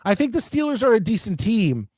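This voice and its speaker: A man with a notably high voice hosts a live sports talk show, keeping things moving in an easygoing way. The sound is dry and close, without any room echo. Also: sing-song, brisk, darkish tone. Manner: easygoing, steers the segment. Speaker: host. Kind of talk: casual chat.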